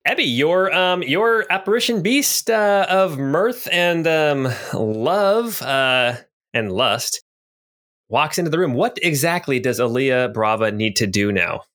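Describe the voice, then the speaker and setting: A man narrating as game master for a tabletop game. He is relaxed and descriptive, and laughs easily with his players. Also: a little high, slow pace.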